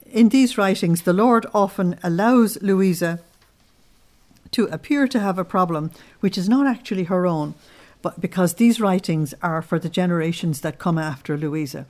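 A woman with a lowish voice delivers a spoken sermon, earnest and unhurried. She teaches from scripture and slips into personal stories as she goes. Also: darkish tone. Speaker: religious teacher.

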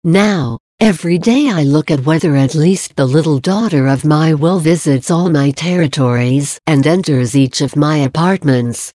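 Gentle loving jesus read by a woman, low mellow voice, dry sound. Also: normal speed, hardly any pauses, no echo. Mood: tender. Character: Jesus, gentle loving male divine speaker. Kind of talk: devotional reading.

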